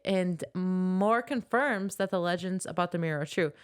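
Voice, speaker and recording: A woman's voice: fairly low pitch, moderate pace, hardly any pauses, clean tone. A woman co-hosting a casual book podcast, retelling scenes and acting out characters' lines. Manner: animated retelling, acts out quotes. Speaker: podcast co-host. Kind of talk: casual book-club chat.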